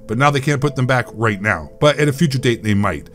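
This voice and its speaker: A man's voice: mid-range voice, lively intonation, a little fast, a bit bright, faint music behind. A man rants sarcastically in a gaming video and pushes every point hard to provoke. His voice sits in the middle range for a man. He sounds like the regular host of his own channel. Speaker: gaming commentator. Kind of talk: ranting video commentary.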